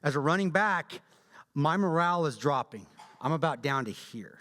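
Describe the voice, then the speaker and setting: A man with a Southern drawl, speaking as guest speaker and telling his story to a church audience in a blunt, joking, animated way. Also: fairly high pitch, moderate pace. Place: large church hall. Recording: long echo of a large church hall.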